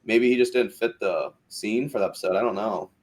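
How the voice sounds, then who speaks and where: A man's voice: lowish voice, brisk, a little mellow. A man hosting a podcast recap of a reality show, chatting casually, swearing freely and acting out quotes from the cast. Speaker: podcast host. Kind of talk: casual chat.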